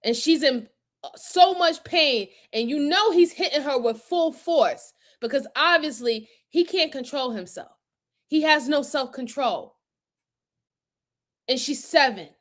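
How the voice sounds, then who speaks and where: A woman's voice: sits high, expressive, a little slow. A woman reacting to crime footage in a heated, emphatic way, cursing often and near tears with fury. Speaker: video commentator.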